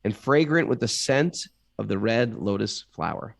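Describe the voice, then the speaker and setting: A man's voice: fairly low pitch, expressive, normal speed, gravelly, no echo, clean studio sound. A man reading scripture aloud as a podcast co-host, stopping now and then to ask puzzled questions about the text. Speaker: reader and co-host.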